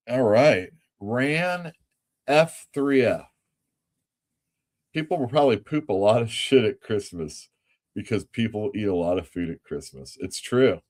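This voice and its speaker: Low-voiced, rambling comics-show host man. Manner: rambling, trails off softly. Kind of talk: casual livestream chat.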